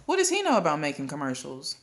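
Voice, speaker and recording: A woman's voice: low voice, huge pitch swings, fast, full character voice. A woman voicing an eager, curious young boy who keeps asking questions in a storybook reading.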